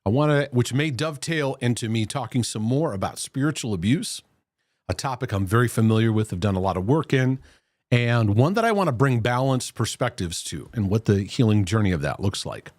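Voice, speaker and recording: Male livestream host, casual and talkative, animated delivery at an ordinary pitch. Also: a little fast, dry recording, studio quality. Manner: chatty, greets viewers by name, loose restarts. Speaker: host of a Christian mental health livestream. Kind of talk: casual live-stream talk.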